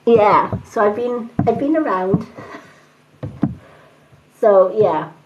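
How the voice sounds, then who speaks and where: A woman's voice: mid-range voice, expressive, slow pace. A woman with a Scottish accent mixed with other British influences, giving chatty live-stream card readings and thanking her viewers. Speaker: tarot card reader. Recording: dull lo-fi sound with faint noise.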